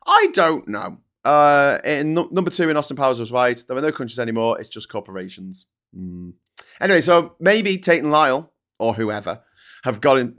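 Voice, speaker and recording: A man's voice: medium pitch, expressive, normal speed, fairly bright tone. A middle-aged man with a Scouse accent, hosting a casual live news chat, reading viewer comments aloud and ranting bluntly with plenty of swearing. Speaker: host.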